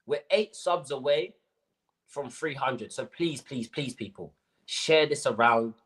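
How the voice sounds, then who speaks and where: A man's voice: medium pitch, unhurried. A young man hosting a football fan livestream, ranting casually with lots of slang and repetition. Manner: animated ranting, slangy, repeats himself.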